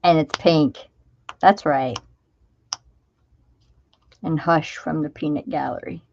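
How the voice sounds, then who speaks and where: A woman's voice: sits low, steady tone, slow pace, gravelly, a little mellow, dull audio. A woman, chatting casually to her viewers while she crafts and talking to herself as she works. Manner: chatty, talks to herself while working, drops into whispers. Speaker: craft video host. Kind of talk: casual crafting vlog chat.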